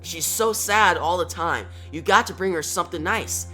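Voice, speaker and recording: A man's voice: high voice, normal speed, pushed and bright, faint music behind. A man voicing a little boy who pleads with Santa for his sad mother, raising his voice to sound young. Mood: pleading.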